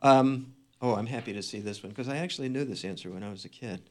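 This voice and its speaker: A man hosting a lively radio game show from a small studio, bantering and joking with the players. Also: mid-range voice, quick pace. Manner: jokey, animated quizmaster. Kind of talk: playful live radio banter.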